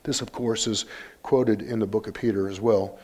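A man's voice: lowish voice, steady tone, normal speed, darkish tone. An older man preaching a sermon, reading Scripture aloud and driving points home with rhetorical questions and repeated phrases. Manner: reads Scripture aloud with rising emphasis. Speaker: pastor.

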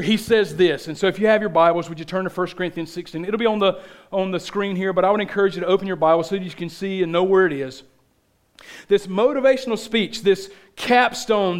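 A pastor with a thick Southern accent preaches a sermon, telling stories with animated emphasis. His voice sits high.

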